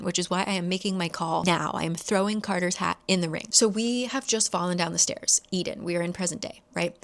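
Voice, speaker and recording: A woman recapping a book's plot in a casual, chatty way, full of "like" and sarcastic asides. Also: fairly low pitch. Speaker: book YouTuber.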